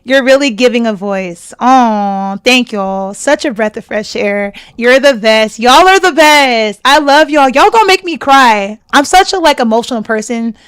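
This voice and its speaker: A woman's voice: on the high side, lively intonation, unhurried, hardly any pauses, clear, resonant tone, no room sound, studio quality. A young woman chatting casually with her live stream chat, gushing and laughing often.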